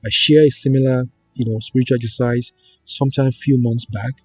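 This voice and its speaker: A man slowly teaching viewers a prayer ritual, coaxing them along and often checking in with "okay?" and "right?". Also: medium pitch, fairly even intonation. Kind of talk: slow instructional prayer teaching. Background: soft background music.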